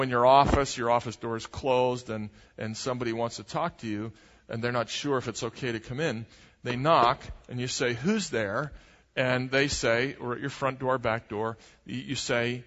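A man preaching a sermon, rising for emphasis and dropping low and slow on key points. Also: a bit bright, long reverb tail, lo-fi sound. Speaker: pastor.

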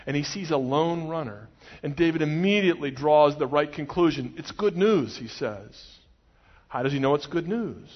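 A man's voice: a little high, normal speed. A man preaching a sermon, retelling a story expressively and voicing the quotes of its people. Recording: muffled recording with long hall reverb.

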